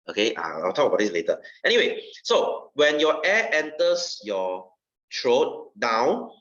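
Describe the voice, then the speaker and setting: A young man with a Singaporean English accent teaches a science class, his pitch rising and falling a lot as he explains. He talks in a loose, chatty way and fills almost every pause with "okay". The sound is dull and a little distant from the mic. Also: fairly bright tone. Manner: chatty, repeats "okay" constantly. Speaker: science tutor. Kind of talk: classroom lesson.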